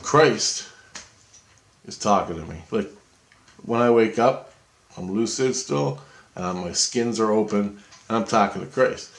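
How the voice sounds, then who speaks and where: A man's voice: fairly low pitch, measured pace, long pauses, reverberant. A man casually telling a dream story, rambling and conversational.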